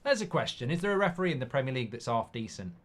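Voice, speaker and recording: Bloke doing a live footy watchalong, reads chat out, blunt, swears here and there, mid pitch. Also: male voice, very animated, racing. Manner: casual and blunt, reads out viewer comments, swears. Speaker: host. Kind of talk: live football watchalong commentary.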